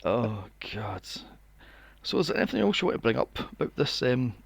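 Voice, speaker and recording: A man's voice: medium pitch, sing-song, moderate pace, creaky, breathy edge, dry recording. A man in his forties, co-hosting a podcast, ranting sarcastically and swearing while reviewing a movie. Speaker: podcast co-host. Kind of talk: casual movie review chat.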